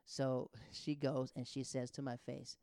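Clear and resonant, his mid-range voice moves at a measured pace in a studio-quality recording without room sound. The thirtysomething comic rambles through animated stories, breaking into his own sentences as he goes.

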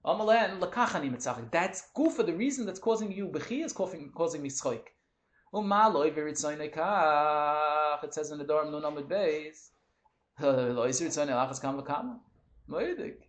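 Fast, animated man teaching Talmud. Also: roomy sound. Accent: Yeshivish English with Hebrew and Yiddish terms. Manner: animated, rapid, swinging between loud exclamations and low asides. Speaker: Torah teacher. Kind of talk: Talmud study lesson.

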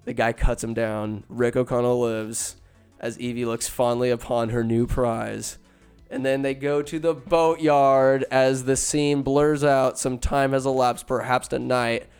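A man's voice: medium pitch, steady tone, a little slow, darkish tone, clear, resonant tone, soft background music. A man casually retelling a movie plot, rambling and joking with profane, slangy asides. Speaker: film recapper.

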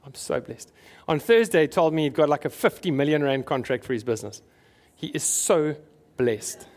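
A man's voice: fairly high pitch, expressive, moderate pace. A man preaching a conversational sermon to his congregation, asking them questions as he goes. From South Africa. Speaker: pastor.

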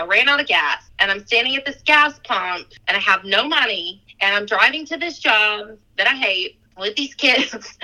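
Fitness coach, woman, 30s, very bright voice, gushing and heartfelt, podcast chat. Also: mid-range voice, low-quality recording. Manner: heartfelt, gushing, with frequent "like" and laughter. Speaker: fitness coach and gym owner. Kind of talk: emotional podcast conversation.

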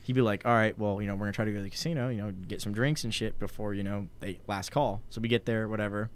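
A man's voice: fairly low pitch, steady tone, fast talker, a little hiss or hum. A young man in his twenties tells a story to his friends in a loose, meandering way. He fills the gaps with "like" and swears casually. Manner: rambling, profane, heavy on filler "like".

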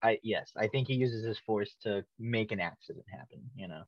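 A man's voice: fairly low pitch, moderate pace, dry recording. A young man in casual chat, backing up his co-host with short agreeing interjections. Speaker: podcast co-host. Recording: dull lo-fi mic.

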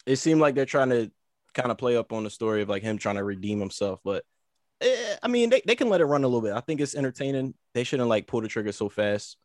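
A man co-hosting a casual wrestling talk show, telling stories in an animated way with profane slang. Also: medium pitch, fast talker, no echo, studio quality. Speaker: podcast co-host.

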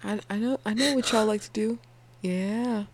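A woman's voice: medium pitch, normal speed, a little hiss or hum. A young woman co-hosting a podcast, chatting casually in a blunt, crude and teasing way. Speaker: podcast co-host. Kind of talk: casual chat.

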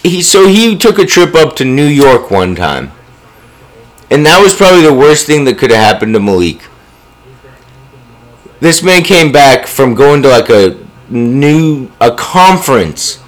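A man's voice: medium pitch, big pitch swings, measured pace. A young man in casual chat who chimes in with memories, using lots of slang. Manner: laid-back, chimes in, slang-heavy.

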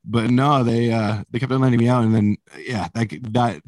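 A man's voice: mid-range voice, fairly even intonation, moderate pace, a little mellow, no room sound. A man being interviewed as a musician, telling stories in a rambling, casual way, swearing often and laughing as he goes. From Canada. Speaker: musician guest.

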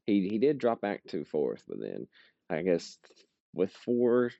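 A man co-hosts a casual podcast, his voice low and warm as he rambles through a story full of stammered restarts. The recording is dull and lo-fi but dry, with no room sound. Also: big pitch swings, unhurried, vocal fry, no echo. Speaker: podcast co-host.

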